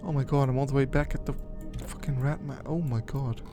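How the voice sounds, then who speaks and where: A man's voice: mid-range voice, fairly even intonation, a little fast. Rambling young man muttering over gameplay. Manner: rambling, half-muttered asides, swears when dying in game. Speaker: gaming channel host. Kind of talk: casual let's-play commentary. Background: background music.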